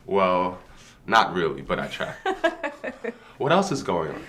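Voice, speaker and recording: A man acting in a scripted learner dialogue as a relaxed, somewhat hesitant coworker. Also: sits low, slow, heavily acted. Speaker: office worker in a lesson video.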